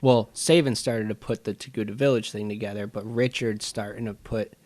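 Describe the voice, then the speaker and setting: A man's voice: on the low side, fairly even intonation, brisk, darkish tone, no room sound. Man explaining campaign lore, dry mic. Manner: explains lore, laughing easily. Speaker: game master of the podcast. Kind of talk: casual podcast chat.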